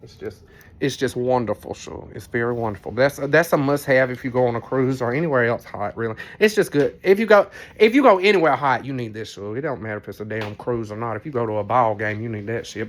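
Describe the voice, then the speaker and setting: Tipsy vlogger, mid-range voice, loose rambling storyteller who curses freely. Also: male voice, medium pitch, quick pace. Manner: chatty, rambling, frank asides and mild cursing. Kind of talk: casual storytelling vlog. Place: cabin on a cruise ship.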